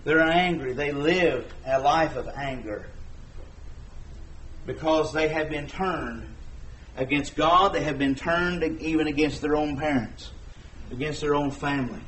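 A man's voice: a little high, a little slow, a bit bright, a little hiss or hum, poor audio. A man preaching a sermon, shifting from conversational talk to emphatic exhortation.

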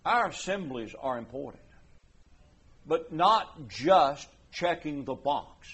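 A man's voice: on the high side, lively intonation, takes it slowly, a bit bright, breathy edge. A man preaching a conversational sermon, earnest, often repeating words and voicing imagined parents.

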